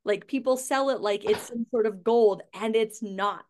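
A woman's voice: fairly high pitch, moderate pace, a little mellow. Podcast host, woman; blunt, profane, laughs a lot, casual chat.

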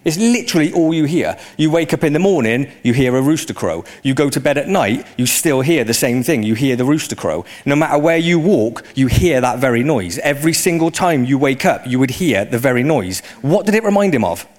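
A man preaching a sermon in a conversational way, often rising into animated emphasis. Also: medium pitch, brisk, hardly any pauses.

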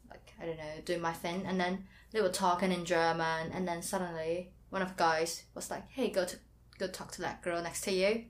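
A woman chatting as a podcast guest, laid-back and teasing, with dry comebacks. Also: on the low side. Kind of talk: casual chat. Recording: roomy echo.

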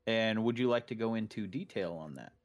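A man's voice: on the low side, expressive, brisk. A man hosting a casual chat, joking and laid-back as he asks questions.

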